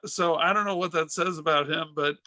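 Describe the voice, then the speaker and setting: A man's voice: on the high side, steady tone, fairly quick, bright, forceful tone, dry recording. A middle-aged man hosting a podcast, telling rambling comic anecdotes with restarts and acted-out quotes. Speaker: podcast host and stand-up comic. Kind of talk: casual comic storytelling.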